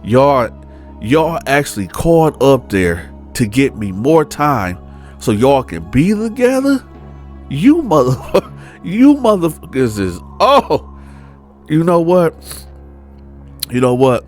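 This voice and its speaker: A bitter ex-convict son threatens in a coarse, slangy mid-pitched voice, as a man acts him out. He sounds cold and menacing rather than loud. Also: lively intonation, takes it slowly, soft background music.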